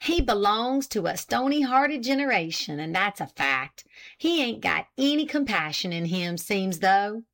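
A woman's voice: medium pitch, lively intonation, a little slow, vocal fry, fairly bright tone. Lady putting on an old country geezer, drawly and fretful, folksy talk. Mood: indignant. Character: old rustic New England man, anxious, folksy.

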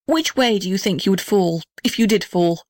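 A woman's voice: mid-range voice, moderate pace, darkish tone, no echo, studio quality, natural voice. A woman voicing a small, self-pitying male house in a storybook reading, wailing and sobbing. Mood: worried.

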